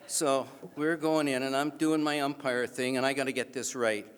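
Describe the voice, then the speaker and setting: A man giving an animated, self-mocking storytelling speech at an awards event, acting out the other people in his story. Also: medium pitch, normal speed, clear, resonant tone. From Canada. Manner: animated, self-mocking anecdote with acted-out voices. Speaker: awards speaker. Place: banquet hall. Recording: reverberant hall PA sound.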